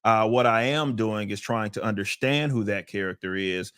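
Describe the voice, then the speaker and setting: A male podcast host talks emphatically, restarting sentences and swearing freely. His voice is mid-pitched and sits close and dry in the recording. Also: moderate pace, fairly bright tone, clean tone, dry recording. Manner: profane, emphatic, with frequent restarts. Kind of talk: casual podcast chat.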